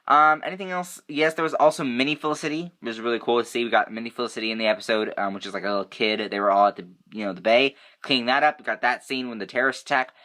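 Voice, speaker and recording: A young man giving a casual, excitable, rambling review of a TV episode, full of fillers. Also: mid-range voice, rapid-fire, hardly any pauses. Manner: excitable, rambling, many fillers like "you know" and "like". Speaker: TV review vlogger.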